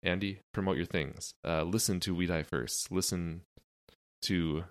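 Low gravelly podcast host. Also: male voice, fairly even intonation, a little slow, no echo, studio quality. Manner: rambling, loose, swears and jokes. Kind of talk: casual chat.

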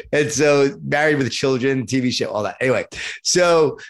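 A middle-aged guest author from Long Island, New York, recounts his life story in an interview, full of lively, self-deprecating humor. His voice sits at medium pitch and moves at a moderate pace.

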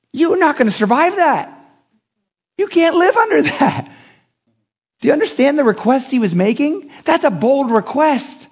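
Joking with his congregation, a male pastor preaches a lively sermon at a moderate pace, dramatizing the quotes through sharp pitch leaps.

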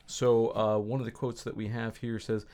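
A man's voice: mid-range voice, level tone, moderate pace, a little mellow. A man hosting a studio podcast, reading news items in a casual, upbeat, joking way. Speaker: podcast host. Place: recording studio.

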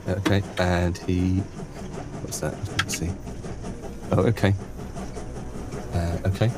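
A man narrating as game master in a tabletop game, halting and full of restarts. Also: sits low, flat delivery. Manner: halting, lots of fillers and restarts.

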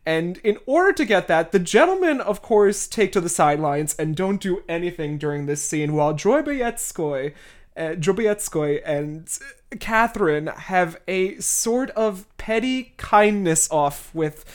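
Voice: mid-range voice, animated, unhurried. A podcast host giving a casual, irreverent chapter recap in a chatty way, with occasional swearing.

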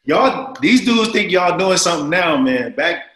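A man in his forties telling a long story as an interview guest, rambling and animated, with many fillers. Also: high voice, a little slow, echoey room, poor audio. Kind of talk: casual storytelling.

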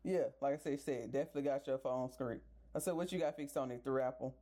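Fast and dark-toned, this very deep female voice belongs to a podcast host who rants casually through a story. She sounds exasperated, swears freely, and talks straight to her audience.

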